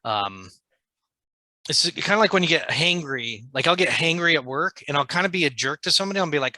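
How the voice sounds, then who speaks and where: A man's voice: on the high side, expressive, a little fast, sharp tone, no echo. A man co-hosting a podcast in casual, joking banter, swearing freely and throwing in mocking asides. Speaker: podcast co-host.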